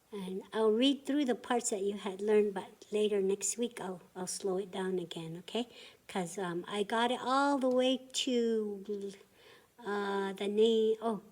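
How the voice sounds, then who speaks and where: A woman teaching a language lesson, patiently breaking words into syllables for students to repeat and often dropping to a soft half-whisper. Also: medium pitch, slightly rough.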